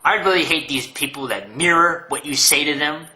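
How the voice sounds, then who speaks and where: A man's voice: on the high side, normal speed, roomy sound, music in the background, rough recording. A man delivering a comedic rant monologue, sarcastic and profane.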